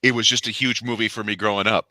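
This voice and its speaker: Male podcast co-host, sharp and very bright, anecdotal, dry close mic. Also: lowish voice, fairly even intonation, quick pace, no room sound. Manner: anecdotal, self-deprecating. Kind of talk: casual chat.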